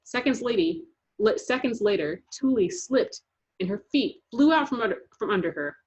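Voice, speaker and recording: A woman narrating a children's chapter book aloud in a lively, rhythmic reading. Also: fairly high pitch, normal speed, slightly rough. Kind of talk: storybook read-aloud. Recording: dull lo-fi recording.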